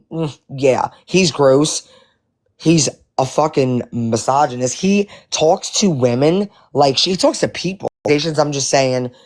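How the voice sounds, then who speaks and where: A man giving casual commentary to his viewers, animated and profane, rambling with many restarts. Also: medium pitch. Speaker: live-stream commentator.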